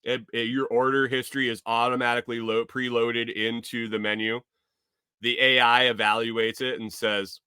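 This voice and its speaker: A man's voice: medium pitch, flat delivery, a little slow, bright, forceful tone, smooth, no room sound, clean studio sound. A man hosting a podcast, talking in a rambling, jokey, profane casual monologue. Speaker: podcast host.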